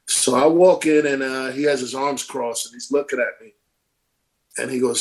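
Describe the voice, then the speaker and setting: A man's voice: medium pitch, steady tone, normal speed. A middle-aged man, a former pro ballplayer, telling stories casually in an interview, acting out quotes and swearing freely. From Brooklyn, New York. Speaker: former pro baseball player, guest.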